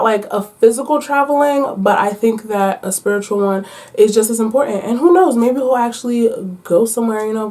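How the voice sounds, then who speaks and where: A woman talks to her viewers about books in a lively, chatty vlog. She uses playful slang and teases her audience. Her voice sits a little higher than most women's. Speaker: book vlogger. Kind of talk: casual chat to viewers. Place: at home.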